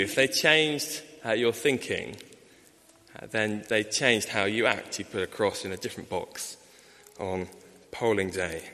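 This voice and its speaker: A man preaching a sermon in a church, measured, with many "uh" fillers and rhetorical questions. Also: fairly low pitch, pushed and bright. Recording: long reverb of a large hall.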